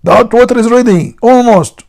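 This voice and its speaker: A man's voice: moderate pace, creaky. A man voicing a domineering wife who shrieks orders at her husband in a joke. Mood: shrieking. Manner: shrill, scolding, shouted orders.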